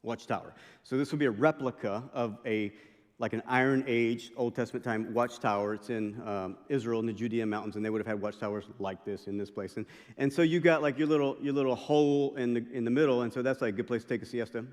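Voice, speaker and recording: A man giving an animated, conversational sermon as a guest chapel speaker, telling stories with frequent restarts. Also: mid-range voice, fast talker. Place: university chapel. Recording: long reverb of a large hall.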